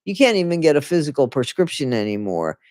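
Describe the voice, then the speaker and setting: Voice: medium pitch, sing-song, fast talker, a little mellow, dry recording, studio quality. A livestream host giving blunt, scornful running commentary, swearing freely and chatting with viewers in the live chat.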